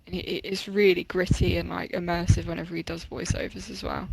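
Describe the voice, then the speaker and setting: A woman's voice: lowish voice, flat delivery, a little fast, gravelly, darkish tone, slightly rough, no room sound, rough recording. A woman chatting enthusiastically as a guest on a gaming podcast. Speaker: server owner, podcast guest. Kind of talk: casual chat.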